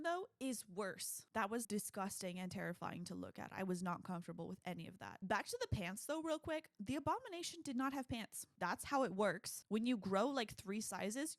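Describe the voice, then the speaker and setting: A young woman hosting a casual movie review podcast, blunt and animated, with plenty of swearing. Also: mid-range voice, no echo. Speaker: podcast host.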